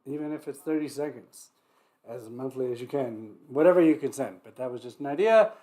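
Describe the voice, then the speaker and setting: A man's voice: medium pitch, animated, fairly quick, warm tone. A man hosting a livestream, chatting loosely and joking, greeting viewers by name and often trailing off mid-thought. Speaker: livestream host. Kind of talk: rambling casual livestream chat.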